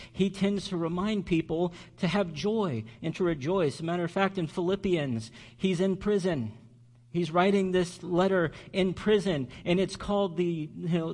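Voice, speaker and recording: A man preaching a sermon as pastor, earnest and slowing down on key words for emphasis. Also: sits high, darkish tone.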